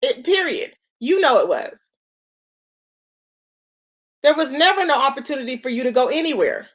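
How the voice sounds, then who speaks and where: Woman live-stream host, high voice, sassy and exasperated, dull lo-fi audio. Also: sing-song, normal speed. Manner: sassy, exasperated, rhetorical, greets chat viewers with endearments.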